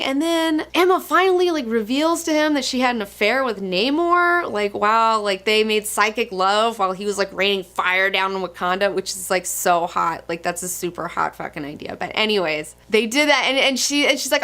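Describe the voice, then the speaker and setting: A young woman giving casual comic book commentary in a gushing, excitable manner with frequent swearing. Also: on the high side, brisk, few pauses.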